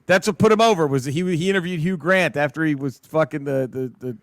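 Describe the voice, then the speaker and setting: A man co-hosting a podcast, chatting casually about sports, swearing and breaking into loud, laughing rants. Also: on the high side, fast, no echo, clean studio sound. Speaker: podcast co-host.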